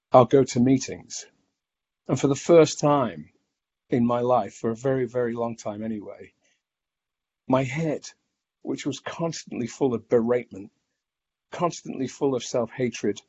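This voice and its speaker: A man telling his own story in a reflective, halting way, with many restarts and fillers. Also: mid-range voice, warm tone, breathy edge. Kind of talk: personal testimony. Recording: dull lo-fi recording.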